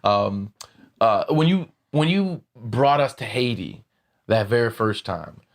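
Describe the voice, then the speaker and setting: A man in his thirties hosting a podcast, interviewing his mother in a relaxed, laughing way. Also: lowish voice, slow pace, gravelly. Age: 30s. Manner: relaxed and easygoing, often laughing. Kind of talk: casual interview chat.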